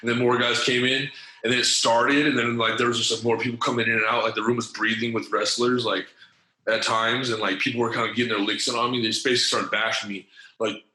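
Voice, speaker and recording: A man's voice: medium pitch, little pitch movement, fast, pushed and bright. A man telling a long story as a podcast guest in loose, profane slang. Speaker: podcast guest, former wrestler. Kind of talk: casual storytelling. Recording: echoey room.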